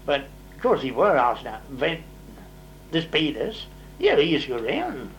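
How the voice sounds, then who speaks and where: An older man spins a long, rambling farm story in easy dialect. His voice sits fairly high for a man, and a faint hum runs underneath it. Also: normal speed, rough recording. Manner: rambling, dialect grammar, lively when voicing others' words. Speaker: interviewee telling old farm stories. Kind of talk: casual storytelling.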